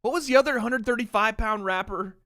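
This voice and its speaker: A man's voice: high-pitched, a little fast, pushed and bright, no room sound, studio quality. A man hosting a livestream watch party in casual chat, brash and opinionated, swearing freely.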